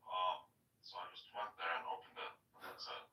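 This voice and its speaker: Man, very bright edgy tone, taunting co-host, roomy room, distant mic. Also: sits low, fairly even intonation, brisk. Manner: taunting, keeps repeating short retorts. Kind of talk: casual crude banter.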